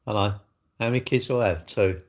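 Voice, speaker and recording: A man's voice: on the low side, brisk. An older man, hosting a casual livestream and chatting bluntly and jokily as he answers viewers' comments. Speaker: livestream host. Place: indoors, seated.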